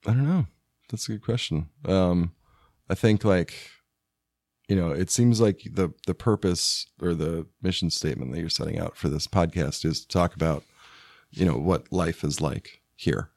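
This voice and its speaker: Deep gravelly man, hoarse and laid-back. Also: moderate pace, darkish tone, dry recording, studio quality. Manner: laid-back, rambling, joking. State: hoarse from illness. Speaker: podcast guest, spouse of host. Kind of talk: casual chat. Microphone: studio microphone.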